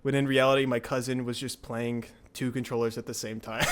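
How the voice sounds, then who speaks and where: A young man hosting a podcast, telling a story in a rambling, excitable way with lots of filler words. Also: mid-range voice, background noise. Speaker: podcast host. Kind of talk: casual storytelling chat.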